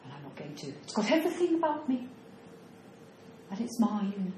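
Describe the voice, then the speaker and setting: Woman playing a bewildered old lady with dementia, stammering, high voice, roomy echo. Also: big pitch swings, slow, a little mellow, a little hiss or hum, exaggerated voice. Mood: withdrawn. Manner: flustered, stammering, panicky. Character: confused elderly woman with dementia in a care home.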